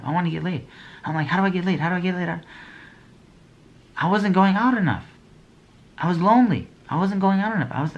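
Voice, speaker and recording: A man's voice: a little high, lo-fi sound. A young man giving a motivational talk to small business owners, with a preachy, blunt delivery, slang, and slogans he repeats over and over. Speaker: motivational speaker.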